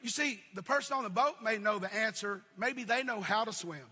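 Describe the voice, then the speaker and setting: A man preaching a sermon as pastor, building repeated phrases up to shouts and then dropping to a low, quiet delivery. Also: a little fast, slightly rough. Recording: long reverb of a large hall.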